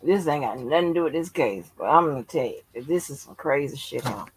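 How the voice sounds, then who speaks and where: A woman's voice: deep voice, animated, a little fast, slight background noise, low-quality recording. A sleepy woman hosting her channel, chatting casually in a drawling, profane, yawning way. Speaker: channel host. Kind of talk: casual late-night chat.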